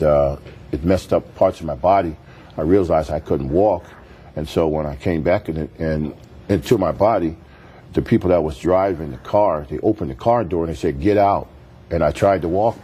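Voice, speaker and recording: A man's voice: low-pitched, warm tone, slightly rough. A man, a pastor, telling his life story as a guest in a TV interview, earnest, acting out the quoted voices as he goes. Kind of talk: testimony in a TV interview.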